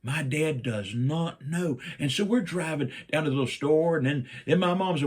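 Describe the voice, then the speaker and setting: A man's voice: fairly high pitch, moderate pace, few pauses, slightly rough. An older man from Virginia, telling a family story in a folksy, playful way and acting out each person in it. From Virginia, USA.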